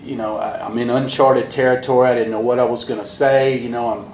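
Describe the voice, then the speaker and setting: A man speaking earnestly at a recovery meeting, repeating a refrain and pausing often with fillers, a little emotional. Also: mid-range voice, fairly even intonation. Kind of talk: personal talk at a meeting. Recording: echoey room with faint hiss.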